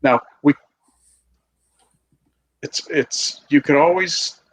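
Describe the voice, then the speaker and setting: A man's voice: a little high, very slow, a bit bright. A man playing in a tabletop game, hesitantly thinking through the group's plan aloud. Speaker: player. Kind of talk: casual tabletop play.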